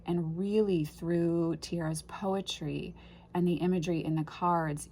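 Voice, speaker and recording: A woman with a deep, dark-toned voice casually unboxes and reviews an oracle deck, gushing and emotional. She often trails off and starts her sentences over, and a slight hiss or hum runs under the audio.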